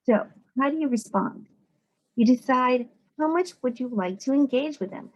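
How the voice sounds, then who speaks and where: American woman psych speaker, slightly high voice, chatty and lively, keeps doing little voices for people. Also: normal speed, dull audio. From United States. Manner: conversational, animated, acts out quoted people in voices. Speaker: psychologist giving a talk. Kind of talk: informal lecture to students.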